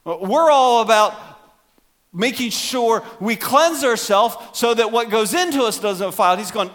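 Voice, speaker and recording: A middle-aged man preaching a sermon as pastor, animated, acting out voices for emphasis. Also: high-pitched, normal speed.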